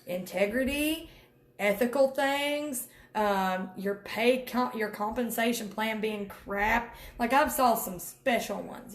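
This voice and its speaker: A woman vlogs to her viewers in a high, bright voice. She lectures with emphatic repetition and folksy words like honey and y'all. The room around her sounds bare and echoey. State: near tears at times. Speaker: network marketing vlogger. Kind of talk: direct-to-camera pep talk.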